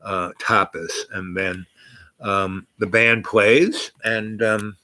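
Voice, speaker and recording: A man's voice: on the low side, steady tone, pushed and bright, no room sound. Rambling older man telling a story. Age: 80s. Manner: rambling, halting, many fillers and restarts. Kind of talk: casual personal storytelling.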